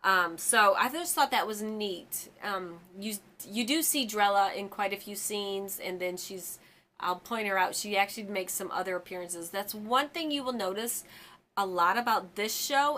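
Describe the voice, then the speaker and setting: A woman's voice: mid-range voice, normal speed, bright, forceful tone. A woman in her forties hosting a fan channel, chatting casually and rambling about a TV episode with lots of ums and side stories. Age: 40s.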